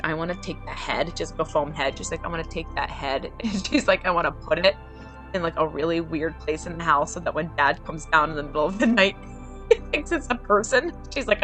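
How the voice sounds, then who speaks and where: Animated woman telling family stories. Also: fairly low pitch. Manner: animated storyteller, quotes others, laughs often. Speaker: podcast host. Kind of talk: personal storytelling.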